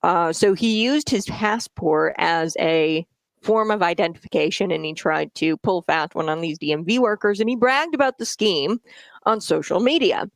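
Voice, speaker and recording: A woman's voice: fairly low pitch, moderate pace, no room sound. A woman commenting on the radio in an indignant, sarcastic way, with many fillers and restarts.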